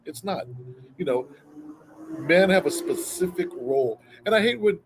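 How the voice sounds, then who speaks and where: A man's voice: high voice, lively intonation, measured pace, background noise. A man talking earnestly as a guest co-host, building his points step by step. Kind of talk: casual opinion chat.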